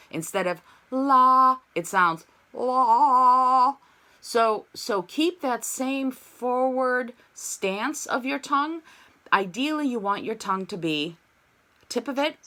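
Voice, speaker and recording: Over a video call, a woman voice teacher gives an online singing lesson, explaining technique and singing short demonstration syllables. Her voice is medium-pitched and a bit bright.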